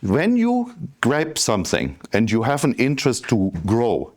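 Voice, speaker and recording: Animated German-accented man giving a talk. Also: mid-range voice, a little slow. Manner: animated storytelling, addresses the audience directly. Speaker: business coach. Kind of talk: motivational talk.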